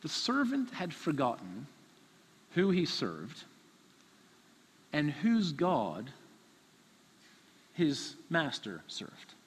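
Male preacher, sermon, animated storytelling, very lively pitch, long hall reverb. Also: drawn-out words, long pauses, breathy edge. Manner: animated storytelling, acts out characters.

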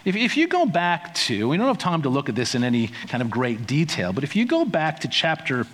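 Male preacher, slightly high voice, chatty sermon with playful asides, echoing church. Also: huge pitch swings, brisk, a bit bright. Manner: conversational, playful asides, acts out quotes. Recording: long hall reverb.

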